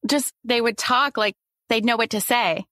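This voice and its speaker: A woman's voice: on the high side, normal speed, pushed and bright, dry recording. Laughing woman, coaching client, dry sound. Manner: open, self-reflective, laughs often. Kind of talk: casual chat.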